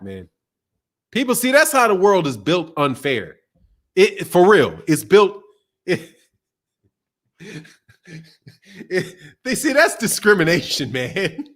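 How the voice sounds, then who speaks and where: A man with a fairly high voice hosts a casual boxing live stream. He laughs often and reads chat messages out loud in loose, profane banter. He sounds like a young adult talking off the cuff. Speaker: boxing channel host.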